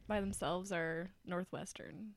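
A woman's voice: on the low side, a little slow, gravelly, dry recording, clean studio sound. A woman in a casual chat, adding short wry remarks and giggling.

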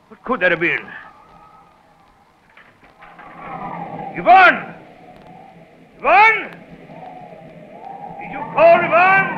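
An old, fatherly lighthouse keeper talks gruffly in a voice that swings widely up and down. The sound is dull and muffled, with faint hiss, like an old radio broadcast. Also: a little high, sharp tone, full character voice. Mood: alarmed. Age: older. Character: aging male lighthouse keeper, fatherly and stern. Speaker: actor in radio drama. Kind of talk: old-time radio drama acting.

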